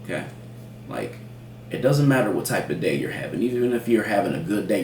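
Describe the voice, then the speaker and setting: Animated man reviewing food, roomy distant sound. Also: on the low side, moderate pace. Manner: animated, playfully dramatic. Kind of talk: casual food review chat. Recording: roomy and distant with faint noise.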